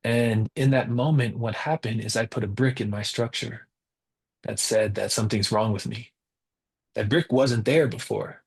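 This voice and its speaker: Speaking into a webinar mic, this young presenter has a fairly low voice with a breathy edge. He tells a personal story within a spiritual talk, sincere in tone, voicing the quotes as if performing them.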